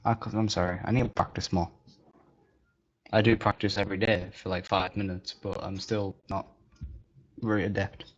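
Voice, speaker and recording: A man's voice: sits low, level tone, moderate pace, long pauses. A man streamer chatting casually on a live stream, joking and self-deprecating. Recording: dull lo-fi recording.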